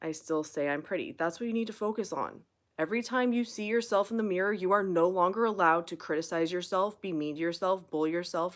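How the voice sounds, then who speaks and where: A woman hosting a live question-and-answer stream as a manifestation coach, talking bluntly and emphatically, swearing freely as she encourages viewers. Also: lowish voice. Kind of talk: casual live-stream advice, reading viewer comments.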